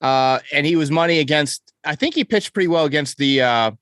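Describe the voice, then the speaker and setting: A man's voice: a little high, fairly quick, a bit bright, clear, resonant tone, dry recording, studio quality. A man hosting a casual sports podcast, reeling off stats and correcting himself as he goes. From New York. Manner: stat-heavy, enthusiastic, self-correcting. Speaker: podcast host.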